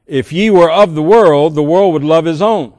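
A man preaches from the pulpit, his slightly high voice swelling on key words and dropping low on others. He reads scripture aloud in a measured sermon style. The sound rings with the long reverb of a large church sanctuary. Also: a little mellow. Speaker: pastor.

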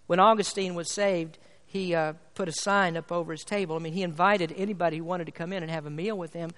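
High-voiced preacher in a reverberant church. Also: male voice, steady tone, quick pace, a bit bright. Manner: emphatic, rises and falls in volume. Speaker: pastor. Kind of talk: sermon. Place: church sanctuary. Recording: long hall reverb.

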